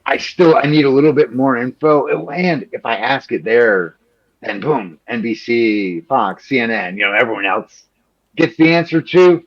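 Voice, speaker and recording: Speaking fast and animatedly as an interview guest, this Chicago journalist peppers his answers with "like" and impersonates the politicians he quotes. He has a medium-pitched voice, and the recording sounds somewhat muffled and lo-fi.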